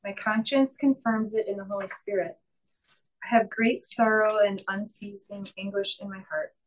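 A woman in a Bible study group reading a scripture passage aloud in a slow, measured way. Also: medium pitch, steady tone, rough recording.

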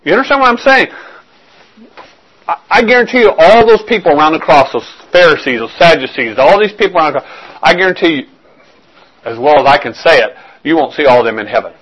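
A man's voice: fairly high pitch, lively intonation, brisk, fairly bright tone, low-quality recording. A man preaching a sermon as a pastor, talking earnestly, repeating words and restarting phrases as he reasons aloud.

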